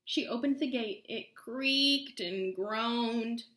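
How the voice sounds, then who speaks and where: A woman's voice: on the high side, slow, fairly bright tone. Woman reading a storybook aloud, echoey. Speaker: storyteller reading a children's book. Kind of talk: read-aloud story narration.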